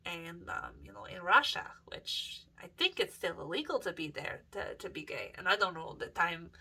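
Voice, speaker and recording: A woman's voice: fairly low pitch, wildly swooping pitch, moderate pace, vocal fry, pushed and bright, slightly rough. A young woman vlogging in a casual, rambling monologue, swearing freely and trailing off with fillers and self-corrections.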